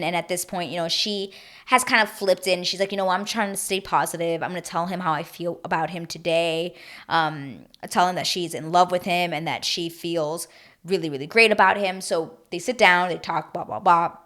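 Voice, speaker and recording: A woman giving a chatty, animated recap of a reality TV season, acting out her own reactions as she goes. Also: on the low side, moderate pace. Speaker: TV recap host.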